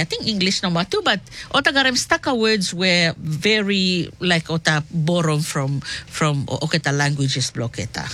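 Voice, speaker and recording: Halting Solomon Islands woman radio presenter. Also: lowish voice, fairly bright tone. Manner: halting, code-switching, many fillers. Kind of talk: casual on-air explanation.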